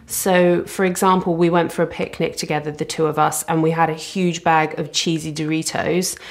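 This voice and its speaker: A woman's voice: sits low, little pitch movement, moderate pace. A young woman chatting casually to camera from her living room, rambling and self-deprecating. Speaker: vlogger. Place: living room at the front of a house. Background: traffic outside.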